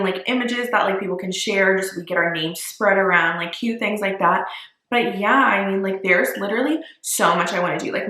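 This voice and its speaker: A woman's voice: mid-range voice, sharp tone, echoey room. A young woman and small business owner talking casually to camera in a vlog, full of "like" and casual swearing. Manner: chatty, says "like" a lot, swears casually.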